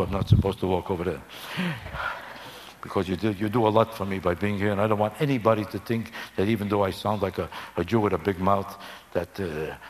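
A man's voice: lowish voice, a little hiss or hum. A man doing a stand-up routine, kvetching and ranting with Yiddish words. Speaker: stand-up comedian.

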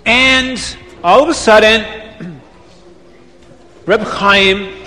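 High-voiced animated storyteller man. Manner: animated, repetitive, sprinkles Yiddish words. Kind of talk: oral storytelling. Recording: long reverb.

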